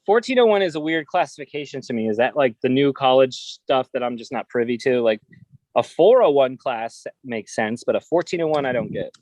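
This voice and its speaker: A man's voice: medium pitch, animated, fairly quick, darkish tone, dry recording. A man hosting a casual livestream, talking bluntly and ranting at times. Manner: blunt, gets worked up ranting. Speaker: host.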